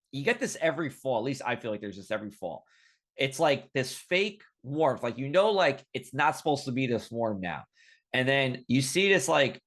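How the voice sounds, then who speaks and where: A man's voice: mid-range voice, fairly bright tone. A man hosting a weather podcast, talking casually and rambling with lots of fillers. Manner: chatty, rambling, filler-heavy. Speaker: podcast host.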